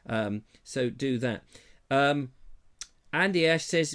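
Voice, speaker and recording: A man's voice: medium pitch, big pitch swings, normal speed. A man from England hosting a live online chat show, reading out viewer comments in a rambling, self-deprecating way.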